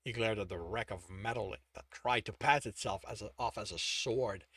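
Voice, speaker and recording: A man's voice: on the low side, moderate pace, a bit bright, no room sound, studio quality. A man reading his own novel aloud, who stumbles now and then and corrects his own slips.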